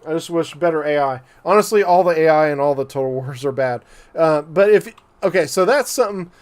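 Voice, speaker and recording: A man's voice: on the high side, lively intonation, fairly quick. A man giving loose, joking commentary while live-streaming a strategy game, with frequent fillers and asides to his viewers. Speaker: gaming streamer.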